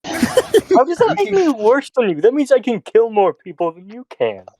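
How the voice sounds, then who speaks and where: A young man co-hosting a podcast, chatting casually in a quick, excitable, jokey way. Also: very high-pitched, slightly rough, dry recording, low-quality recording. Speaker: podcast co-host. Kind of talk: casual chat.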